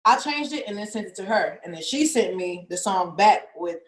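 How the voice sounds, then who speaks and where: A woman's voice: medium pitch, expressive, moderate pace. A young woman rapper, chatting in an interview, laughing often and saying "like" constantly. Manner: laughs often, fills speech with "like". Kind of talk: casual interview chat. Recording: roomy echo.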